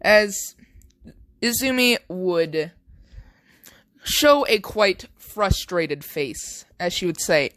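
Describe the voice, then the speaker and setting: A man's voice: high-pitched, slow pace, fairly bright tone, no echo. A young man casually narrating an improvised fan story, rambling with many fillers.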